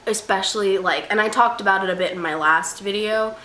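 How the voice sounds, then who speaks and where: A young woman vlogs in a bright, sharp voice, chatty and self-mocking. She swings between quick asides and mock outrage. She is recorded on a camera mic in a roomy room, with a faint hiss behind her. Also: mid-range voice. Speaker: book vlogger. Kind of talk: casual reaction vlog.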